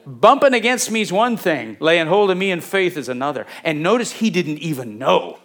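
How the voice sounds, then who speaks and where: A male pastor delivers a sermon with animated energy. His voice sits a little high and swings widely in pitch as he acts out scenes from the Bible. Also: moderate pace.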